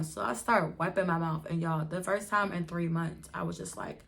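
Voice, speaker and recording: Young woman, casual storytime vlogger, lively, talks straight to her viewers, slightly low voice. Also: normal speed, gravelly. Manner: chatty, animated, addresses viewers directly.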